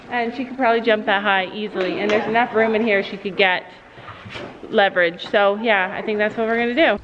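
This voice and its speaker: A woman vlogging casually at a horse barn, chatting to viewers and soothing her horses. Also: on the high side. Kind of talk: casual vlog talk to camera. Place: horse barn and trailer, outdoors. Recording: slightly dull sound with faint noise.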